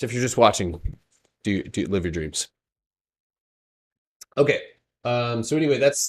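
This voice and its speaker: A man with a lowish voice hosts a trading livestream, walking through stock charts in an easygoing way. He keeps it loose and chatty, often joking back at the comments. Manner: laid-back, joking with chat, laughs often. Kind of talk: casual livestream chart review.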